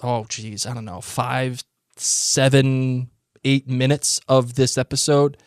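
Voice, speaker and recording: Taking it slowly, a man with a medium-pitched, level voice co-hosts a podcast and chats enthusiastically about a TV episode. It's a casual, teasing recap with many restarts, in studio quality without echo.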